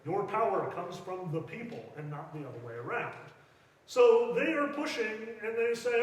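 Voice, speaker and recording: A man with a fairly high voice teaches church history in a loose, chatty way, tossing in quick acted-out asides. He sounds distant from the mic in a big echoing hall with a long ring of reverb. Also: very animated. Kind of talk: casual history lecture. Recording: echoey hall, mic far off.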